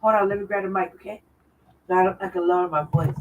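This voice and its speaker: A woman's voice: on the low side, steady tone, fast, distant mic, highs cut off, slight background noise. A woman with a Southern accent, chatting rambling and repetitive on a livestream. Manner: rambling, repeats herself. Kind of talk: casual livestream chat. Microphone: far from the mic.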